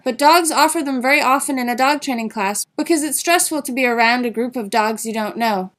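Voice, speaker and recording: A woman dog trainer doing plain explanatory voice-over narration for a lesson. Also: high-pitched.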